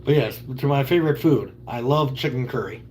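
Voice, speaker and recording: A man's voice: mid-range voice, a little fast, a little mellow, a little hiss or hum. A man in his thirties chatting casually with viewers on a livestream, rambling and joking as he answers their questions. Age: 30s.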